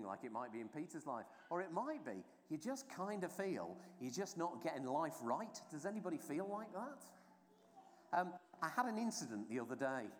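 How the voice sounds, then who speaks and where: A preacher giving an informal, chatty baptism sermon, telling the story with many asides and fillers. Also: mid-range voice. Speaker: clergy trainer preaching at a baptism. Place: church during a baptism service. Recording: long church reverb.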